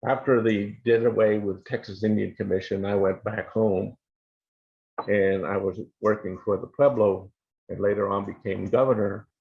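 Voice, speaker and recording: An older man on a panel, slowly telling a story from his working life and quoting the people in it. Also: lowish voice, steady tone, gravelly, phone-quality sound. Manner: slow, measured storytelling with quoted dialogue.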